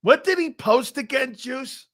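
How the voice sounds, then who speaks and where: A man hosting a live football talk show, bantering loudly, laughing and swearing as he riffs. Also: extremely high pitch, a little slow. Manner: animated, laughing, bantering, profane. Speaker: sports talk show host.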